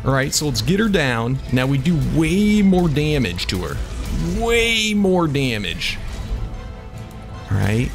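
A man giving excitable let's-play commentary over a game, often yelping and exclaiming. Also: fairly high pitch, slow, faint music behind. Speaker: gaming YouTuber.

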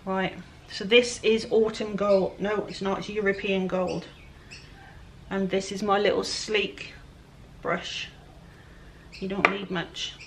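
A woman with a Welsh lilt chats away to her viewers as she works, joking about her own laziness. Her voice sits in an ordinary middle range. A steady hiss of background noise runs under the outdoor recording. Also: mid-range voice, slow pace. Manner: chatty, self-deprecating, talks to viewers while working. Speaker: furniture flipper. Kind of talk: casual DIY vlog narration. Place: outdoor work area with flies.

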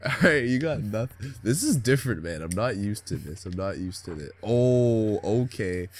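A young man with a low voice that swings widely in pitch, trash-talking and swearing his way through a basketball video game. He narrates each play casually and erupts into yells when he scores. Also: big pitch swings, normal speed. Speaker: gamer. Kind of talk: casual gaming commentary.

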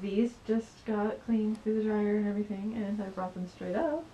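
A woman's voice: medium pitch, normal speed, warm tone, highs cut off. A woman, a mother vlogging her family at home and out, playful and teasing, often laughing. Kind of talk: casual family vlog. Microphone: handheld camera. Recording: noisy home camera audio.

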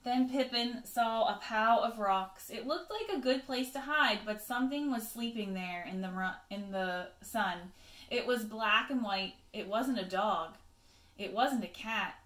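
A woman teacher reading a picture book aloud to children, expressive, with chatty asides to her pupils. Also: fairly high pitch, a little slow, echoey room.

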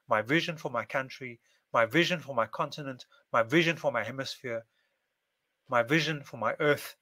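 A man talks straight to camera in a relaxed, chatty monologue, his voice bright and ringing at an ordinary pitch. He strings his thoughts into long repetitive lists, piling one phrase on the next. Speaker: video presenter.

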